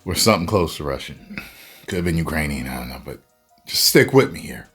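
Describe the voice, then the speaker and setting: A man reviewing a movie in a casual video rant, animated and breaking into loud exasperated outbursts. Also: a bass voice, fairly quick, husky, soft background music.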